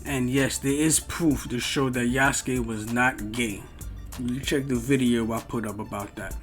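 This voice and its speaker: A man's voice: medium pitch, fairly even intonation, unhurried, soft background music. A man doing reaction commentary, talking straight back at another creator in a heated, argumentative way with loose, slang-heavy street talk. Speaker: YouTube commentator answering another video.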